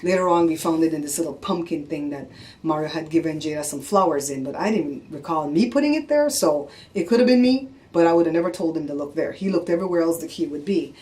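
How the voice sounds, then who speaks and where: Exasperated lower-voiced woman vlogger. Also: fast. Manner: animated, exasperated, acts out quotes. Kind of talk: casual storytelling vlog.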